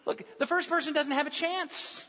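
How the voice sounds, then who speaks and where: A pastor preaching a sermon in a conversational, humorous way that often slips into mimicking people. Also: male voice, very high-pitched, steady tone, moderate pace, pushed and bright. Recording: dull sound with long hall reverb.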